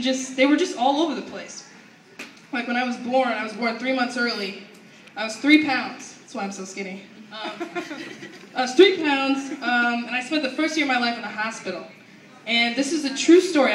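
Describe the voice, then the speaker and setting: A young woman doing an animated stand-up set at an open mic, acting out her family. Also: high-pitched. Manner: animated, acts out family members. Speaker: stand-up comedian. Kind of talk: stand-up comedy storytelling. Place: open mic at a university venue. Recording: echoey room from far, faint noise.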